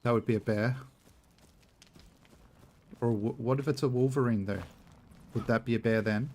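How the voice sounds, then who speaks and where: A man's voice: mid-range voice, steady tone, normal speed, darkish tone. A man giving casual, rambling commentary while playing a game, muttering to himself and making little sound-effect noises. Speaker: streamer.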